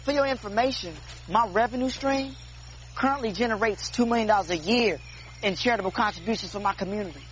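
An actor playing a brash, hotheaded young man in a film comedy, loud, taunting and profane. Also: sits high, quick pace, slight background noise. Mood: defensive. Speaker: film character.

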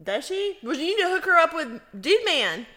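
A woman's voice: very high voice, very animated, moderate pace, pushed and bright. A woman co-hosting a podcast, chatting casually, laughing a lot and swearing freely. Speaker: podcast co-host. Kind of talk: crude casual chat.

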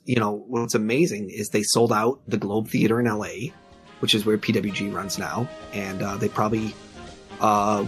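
Man, podcast host, grainy recovering voice, lowish pitch, rambling chat, music behind. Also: fairly bright tone. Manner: rambling, many fillers. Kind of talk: casual chat.

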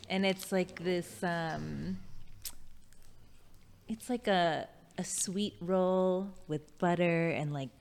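A woman's voice: on the low side, drawn-out words, vocal fry, a little mellow. A young adult woman, a guest photographer, chatting in a friendly way and explaining things simply. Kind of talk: casual interview chat. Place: studio room in Queens, New York. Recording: long reverb.

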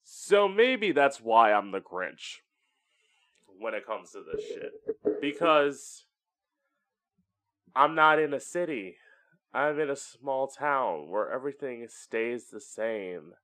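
This man hosts a podcast from home, speaking in a mid-range, fairly bright voice. The casual solo talk is candid and chatty, with frequent swearing and voices he acts out for effect.

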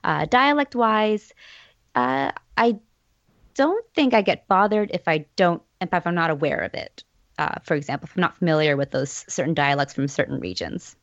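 A woman's voice: deep voice, big pitch swings, normal speed, no room sound, highs cut off. A woman taking part in a casual podcast discussion, speaking thoughtfully with some fillers.

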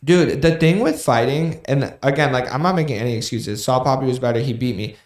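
A young man chatting casually as a podcast co-host, rambling on with a steady stream of "like" and restarts. His voice sits at an ordinary pitch for a man. The sound bounces around an echoey room. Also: a little fast. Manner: rambling, filler-heavy, repeats "like". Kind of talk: casual chat.

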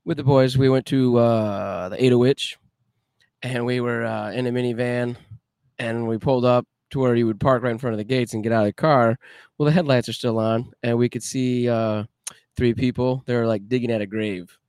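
A man guesting on a podcast, telling a story haltingly, with fillers and the odd laugh. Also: medium pitch, steady tone, a little mellow, clear, resonant tone, no echo. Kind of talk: casual storytelling.

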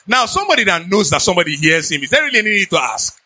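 A pastor with a Nigerian accent preaching in an animated, conversational way, slipping into pidgin asides. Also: male voice, high voice, racing, few pauses, dry recording. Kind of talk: sermon.

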